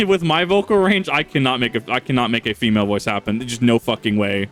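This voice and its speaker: A man's voice: mid-range voice, fast talker, hardly any pauses, a bit bright, faint music behind. A man commenting casually while playing a game, joking at his own expense and swearing now and then. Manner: self-deprecating, jokey, swears. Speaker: gaming streamer.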